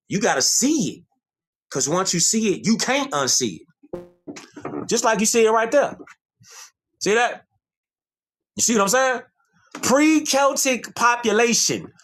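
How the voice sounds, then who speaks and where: A man's voice: high voice, a bit bright. A man hosting a livestream, lecturing in a preachy way, repeating his points and reading passages aloud from a screen. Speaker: livestream host. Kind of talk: livestream monologue lecturing on history.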